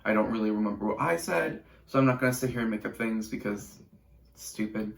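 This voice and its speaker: A man's voice: on the low side, brisk, creaky, a little hiss or hum. A teenage boy YouTuber telling a casual storytime vlog with chatty, sarcastic asides and rambling restarts. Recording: roomy echo.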